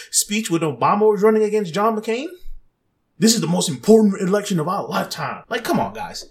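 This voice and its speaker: Animated, chuckling man ranting. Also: high voice. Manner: animated, chuckling often, blunt and mildly profane. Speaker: vlogger. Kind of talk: casual opinion rant to camera.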